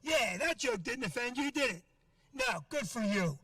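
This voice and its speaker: A middle-aged man working a comedy club crowd, brash and profane and never letting up on the teasing. His voice sits high for a man. The sound is dry, with the mic set back from him. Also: expressive, normal speed, bright, forceful tone, no echo, recorded from a distance. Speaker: stand-up comedian. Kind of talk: stand-up set with crowd work.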